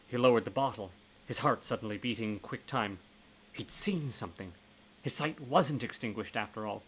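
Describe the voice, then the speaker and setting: A man narrating a horror novel aloud in a live-streamed reading, in steady tones with occasional self-corrections. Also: mid-range voice, slight background noise, low-quality recording. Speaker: reader.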